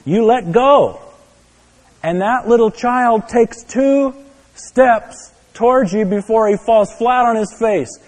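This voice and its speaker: A man preaching a sermon, telling a story to his listeners, dropping to a hush and then rising to exclaim. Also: high-pitched, a little slow, big-room sound. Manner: storytelling, swinging from hushed to exclaiming. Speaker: pastor.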